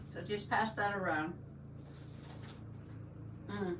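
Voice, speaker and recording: An older woman hosting a casual crafting livestream, chatting warmly and greeting viewers by name as she reads the chat. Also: medium pitch, measured pace, long pauses. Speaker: livestream host. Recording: roomy, distant mic, faint background noise.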